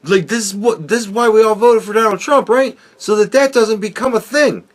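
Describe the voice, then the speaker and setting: A man with a slightly higher voice delivers a casual podcast monologue. He rambles, swears freely and often stumbles and restarts his sentences. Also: normal speed. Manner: profane, rambling, with frequent restarts. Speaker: podcast host.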